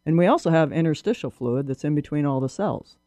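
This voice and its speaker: Male guest, mellow warm tone, dry studio, explanatory. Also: fairly high pitch, lively intonation, a little fast, dry recording. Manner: explains step by step, asks guiding questions. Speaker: massage therapist guest. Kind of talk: casual explanatory chat. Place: radio studio.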